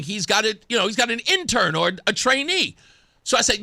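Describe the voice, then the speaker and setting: A talk radio host spinning a story, his voice bright and ringing as it swoops up and down. He mimics each person he quotes and keeps the tale rolling. The studio sound is dry and close. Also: high voice, quick pace, gravelly, dry recording. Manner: animated, acts out quoted voices.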